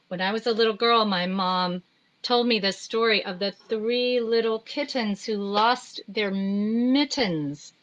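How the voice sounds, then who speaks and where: A woman artist hosting a children's story time, chatting gently with many ums. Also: mid-range voice, rough recording. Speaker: artist reading picture books to children. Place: home.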